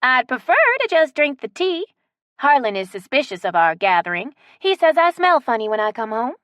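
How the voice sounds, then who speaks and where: High squeaky older lady, giddy matchmaker type, bouncy voice as a narrator puts her on. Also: sing-song, moderate pace, a bit bright, no echo. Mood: eager. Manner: high and pleading.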